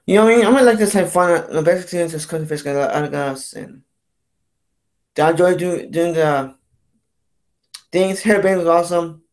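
A man's voice: on the high side, a little fast, long pauses. Man, vlogger, rambling rant, swears a lot, stammers and restarts, repeats himself. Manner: profane, repetitive, keeps saying "you know what I'm saying". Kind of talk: rambling ranting monologue.

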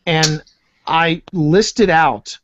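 A man guesting on a podcast, talking casually and haltingly, repeating words as he thinks. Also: a little high, a bit bright, muffled recording, a little hiss or hum. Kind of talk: casual chat.

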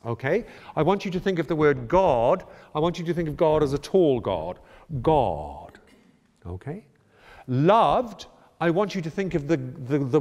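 A man leads a choir rehearsal in a brisk, encouraging way, slipping in jokes and singing phrases to show how they go. His voice sits fairly high and leaps around animatedly. The sound rings with the long reverb of a large hall. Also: a little mellow. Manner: encouraging, brisk, jokey asides, sings and demonstrates phrases. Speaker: choir director.

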